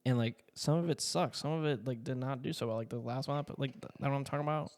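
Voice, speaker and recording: A man's voice: medium pitch, fast talker, darkish tone, long reverb tail. A man in his twenties from Puerto Rico, a content creator talking in a casual, rambling monologue full of slang, swearing and fillers. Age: 20s.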